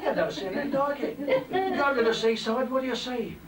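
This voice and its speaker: A man's voice: very high voice, a little fast, background noise. Older man telling jokes, echoey hall. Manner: chatty, teasing, animated anecdotes with many asides. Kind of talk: comic storytelling to a live crowd. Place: party hall. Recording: echoey room, distant mic, loud crowd laughter.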